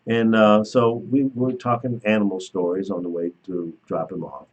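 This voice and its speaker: A man's voice: fairly low pitch, moderate pace, highs cut off. A man hosting a talk show, telling a story in casual chat and laughing as he goes. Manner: animated storyteller who laughs while telling. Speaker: radio show host.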